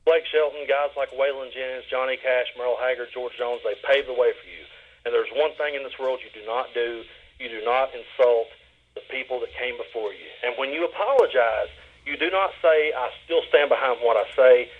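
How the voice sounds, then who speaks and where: Fast, earnest male caller on a muffled, lo-fi line with faint music under it. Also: mid-range voice, slight background noise. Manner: earnest, emphatic, rhetorical. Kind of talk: phone-in opinion rant.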